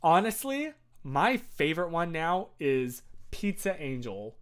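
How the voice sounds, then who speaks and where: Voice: mid-range voice, big pitch swings, measured pace, clean tone. A streamer in their thirties chatting casually on a live stream, reading chat and rambling with many fillers and restarts.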